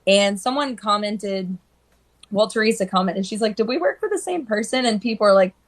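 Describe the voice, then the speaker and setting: A woman hairstylist chatting casually on a live stream, telling animated stories and acting out the people she quotes. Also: medium pitch, brisk. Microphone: phone.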